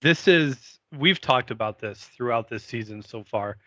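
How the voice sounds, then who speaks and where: A man's voice: medium pitch, expressive, pushed and bright, dry recording, highs cut off. A man co-hosting a podcast, recapping a TV episode in casual, opinionated chat with some swearing. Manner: deliberate, opinionated, occasional swearing. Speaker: podcast co-host.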